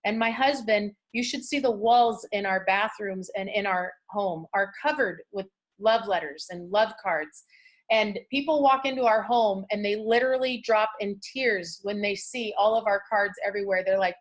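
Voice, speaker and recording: A woman's voice: mid-range voice, normal speed. A middle-aged woman from California giving a motivational talk to a group in a chatty storytelling way, acting out what people say. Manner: chatty, storytelling, acts out quotes. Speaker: motivational speaker.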